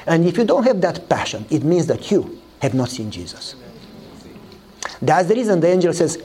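A man preaching a sermon, telling a story and acting out the dialogue with lively voices. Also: moderate pace. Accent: Eastern European. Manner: animated storytelling, acts out dialogue in a higher voice.

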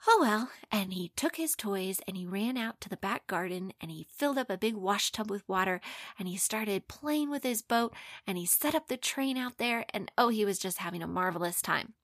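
A woman telling a children's story expressively, dropping to hushed asides. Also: mid-range voice, normal speed, no echo, clean studio sound.

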